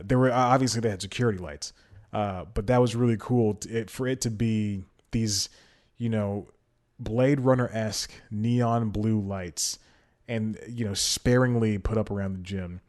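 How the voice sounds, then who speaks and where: Man, young adult, lower pitch, podcast host, casual rambling chat, self-amused. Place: home in a storm-hit city.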